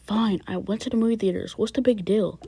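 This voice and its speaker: A woman's voice: medium pitch, brisk, gravelly, warm tone, husky. A woman voicing a defensive teenage boy who stammers and fumbles his words in a one-person family skit.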